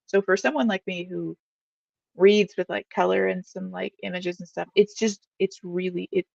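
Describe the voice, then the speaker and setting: A woman from the American South, co-hosting a casual live book chat, chatty and quick to laugh. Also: fairly low pitch, fairly even intonation, vocal fry, darkish tone, no room sound, distant mic. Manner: chatty, laughs easily, wonders aloud. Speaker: co-host. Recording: dull lo-fi dry mic.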